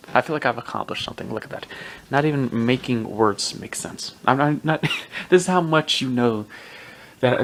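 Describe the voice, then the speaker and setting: A man's voice: mid-range voice, a bit bright, a little hiss or hum. Rambling, profane male podcast host. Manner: rambling, profane, self-mocking, laughs often. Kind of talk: casual solo sports commentary.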